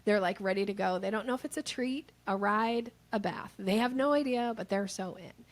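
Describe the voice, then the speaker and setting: A woman sales trainer talking as a podcast guest, explaining her ideas in a conversational, animated way and acting out little examples. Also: medium pitch, normal speed. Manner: animated, acts out examples in lively voices.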